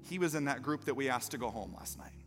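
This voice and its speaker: A man preaching a sermon as a pastor, moving from storytelling to loud, impassioned calls to the congregation. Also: mid-range voice, animated, fast. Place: church sanctuary. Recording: live hall reverb with faint music.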